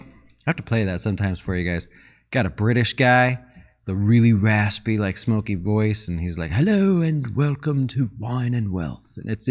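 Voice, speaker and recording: Chatty man with a lively voice. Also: mid-range voice. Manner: chatty, rambling, with many fillers and asides. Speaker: financial advisor hosting a market show. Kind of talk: casual market commentary.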